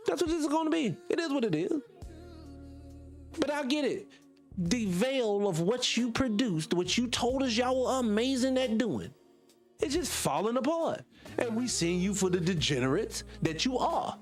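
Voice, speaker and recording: A man's voice: sits high, sing-song, moderate pace, faint music behind. A man, hosting a casual morning livestream, rambling and impassioned, answering chat comments and losing his train of thought. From small town in North Carolina. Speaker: morning show host.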